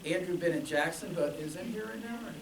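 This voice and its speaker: A band director talks informally to alumni, chatty and telling stories with quoted dialogue, in a fairly quick, high-leaning voice. The recording is echoey and noisy, picked up from far off.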